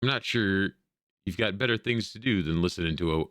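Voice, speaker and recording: A man's voice: deep voice, a little fast, fairly bright tone, no room sound, studio quality. A man voicing an elderly, forgetful village woman in a role-playing game, reading her quaint, old-fashioned lines aloud. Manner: quaint archaic phrasing, read aloud.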